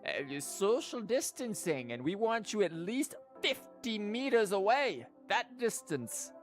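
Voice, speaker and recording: A man's voice: high voice, sing-song, a little slow, faint music behind, pitched above the performer's own voice. A man doing a bossy warrior woman. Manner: overblown, sing-song, mocking.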